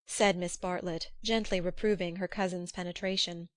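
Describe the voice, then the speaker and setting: A woman narrating a classic novel in an audiobook, with a steady, measured reading manner. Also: lowish voice, dry recording.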